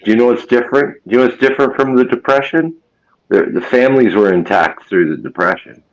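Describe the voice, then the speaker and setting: A man's voice: medium pitch, fast talker, highs cut off. A man in casual group chat, speaking bluntly and matter-of-factly.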